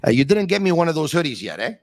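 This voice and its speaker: A man hosting a sports talk podcast, speaking emphatically with dramatic build-ups and quick asides. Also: a little high, very animated, dry recording. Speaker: podcast host.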